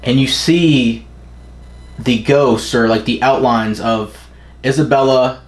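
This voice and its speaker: A man's voice: medium pitch, fairly even intonation, roomy sound. A young man casually reacting live to a comic chapter, forgetting names, swearing now and then, reading the panels aloud. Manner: casual, profane, forgetful of names, reads panels in quick put-on voices. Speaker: manga reaction streamer.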